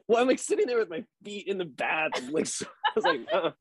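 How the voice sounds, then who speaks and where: A man's voice: high-pitched, very animated, fairly quick, a bit bright, husky, no echo. A man in his thirties, an actor guest on a podcast, telling laid-back stories and swearing casually.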